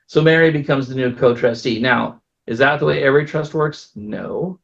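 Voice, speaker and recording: A man's voice: mid-range voice, moderate pace, vocal fry, hardly any pauses, a bit bright. A man who is an attorney giving a casual seminar talk, telling stories with many fillers. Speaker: estate planning attorney. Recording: dull lo-fi recording.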